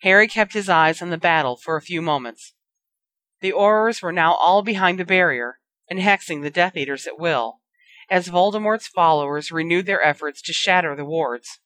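Brief: measured audiobook narrator, clear bright tone. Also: mid-range voice, no echo.

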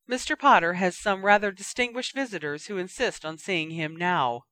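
A brisk, dry-spoken older woman professor, as a narrator puts her on, authoritative and crisp. The voice sits low and the sound is dry and close. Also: pushed and bright, no room sound. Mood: dry stern.

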